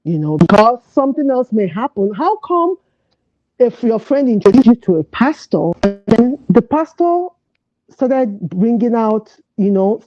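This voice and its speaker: A woman calling in to a talk show, earnestly giving advice with pauses and restarts. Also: on the high side, mellow, dry recording. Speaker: caller. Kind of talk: call-in advice chat. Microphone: phone call. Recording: dull, lo-fi call audio, dry.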